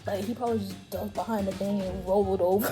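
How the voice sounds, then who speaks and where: A woman hosting a casual chat, excitedly recapping a video game story with frequent laughter and swearing. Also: medium pitch. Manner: animated, laughs often, profane. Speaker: host.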